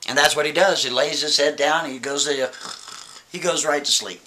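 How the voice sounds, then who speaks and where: Bright-voiced man telling a story casually. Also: a little high, normal speed. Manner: animated, chatty, frequent asides to the listener.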